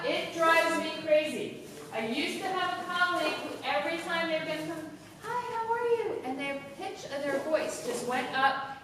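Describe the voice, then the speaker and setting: A woman teacher giving a brisk, instructive classroom lesson, tending to talk fast, recorded from far off in a large echoey room. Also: high-pitched, fairly bright tone. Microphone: camera far from the speaker. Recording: echoey hall audio from far off, background noise.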